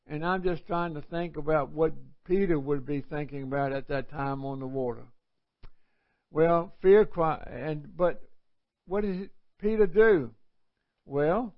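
A man teaching a live Bible study in a folksy, conversational preaching manner, with sudden loud cries. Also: a little high. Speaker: pastor. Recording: dull, lo-fi livestream audio.

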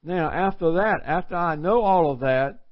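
A man's voice: a little high, normal speed. A male preacher giving an earnest, conversational sermon full of rhetorical questions. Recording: dull lo-fi recording.

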